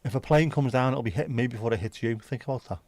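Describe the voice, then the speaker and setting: A man's voice: medium pitch, very fast, darkish tone. A man hosting a casual livestream, rambling chattily with sweary asides. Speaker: livestream host. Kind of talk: casual solo livestream chat. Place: home.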